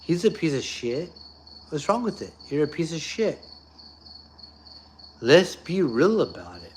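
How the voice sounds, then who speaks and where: A man with a voice pitched a bit high rants to camera in a loose, unscripted monologue. He is blunt and profane and hammers the same phrases again and again. Faint crickets chirp behind him. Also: huge pitch swings, unhurried, a little mellow, a little hiss or hum. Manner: blunt, profane, repetitive ranting. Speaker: YouTuber. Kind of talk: off-the-cuff monologue.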